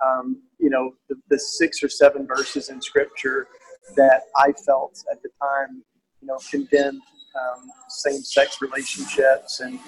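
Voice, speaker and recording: A man from East Tennessee, a guest in an interview, talking earnestly and haltingly with many restarts. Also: medium pitch, monotone, husky, poor audio. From East Tennessee, USA. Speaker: guest author. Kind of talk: casual conversational interview.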